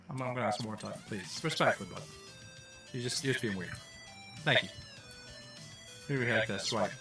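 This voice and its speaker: A young Scottish man with a softened accent and a mid-range voice chats casually while livestreaming a game. He rambles a lot and fills his talk with fillers.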